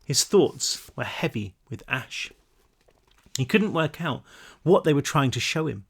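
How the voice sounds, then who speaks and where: A man narrating his own novel in a measured reading, now and then dropping into relaxed asides to his listeners. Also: mid-range voice, creaky, husky. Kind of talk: audiobook-style read-through.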